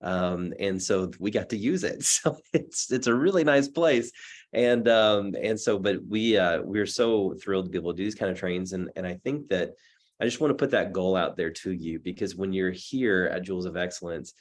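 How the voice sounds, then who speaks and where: A man in his thirties giving a rambling, chatty talk over a video call from a dark hotel room, with lots of fillers and restarts. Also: sits low, moderate pace. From Texas. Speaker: guest speaker.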